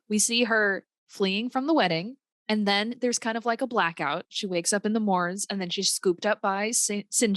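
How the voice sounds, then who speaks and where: A woman's voice: medium pitch, fairly bright tone, no room sound. Gushing woman podcast co-host, dry sound. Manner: gushing, enthusiastic. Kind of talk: casual chat.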